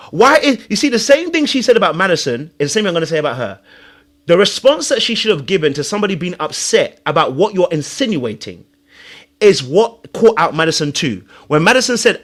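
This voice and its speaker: A man hosting a reality-show reaction video, talking excitedly, laughing and breaking into imitations as he comments. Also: high voice, a little fast. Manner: excitable, laughs, mimics voices mid-sentence.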